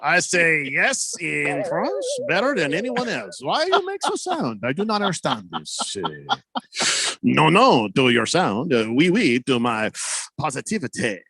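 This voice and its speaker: A man's voice: fairly high pitch, wildly swooping pitch, a little slow, creaky, sharp tone, slightly rough, dry recording, full character voice. A man doing a pompous French prosecutor with a hammy mock accent.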